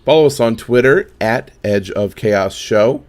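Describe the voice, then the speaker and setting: A man's voice: fairly low pitch, a little mellow. Bantering male podcast co-host. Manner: joking banter, then rapid reading of show plugs. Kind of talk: casual political podcast chat.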